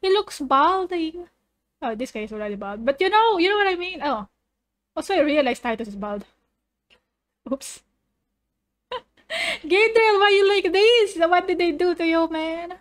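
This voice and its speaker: A woman giving an excitable video reaction commentary as a VTuber, laughing and exclaiming often. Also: very high voice, a little slow, pauses often. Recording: video's music playing behind.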